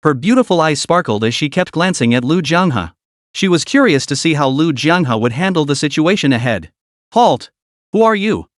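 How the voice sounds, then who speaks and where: A man narrating a game fantasy story in an even scripted storytelling manner, voicing the quotes only lightly. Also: on the high side, normal speed, no room sound, studio quality.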